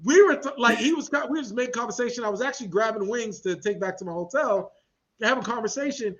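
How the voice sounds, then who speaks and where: A man co-hosting a podcast in casual chat, an animated storyteller who laughs often and uses slang. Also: extremely high pitch, fast. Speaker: podcast co-host. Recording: dull lo-fi podcast audio.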